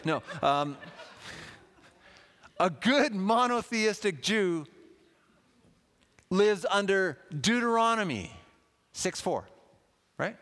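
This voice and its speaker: A man preaching a sermon in a lively, conversational way, with asides to the congregation. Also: sits high, takes it slowly, long pauses. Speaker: pastor. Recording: long hall reverb.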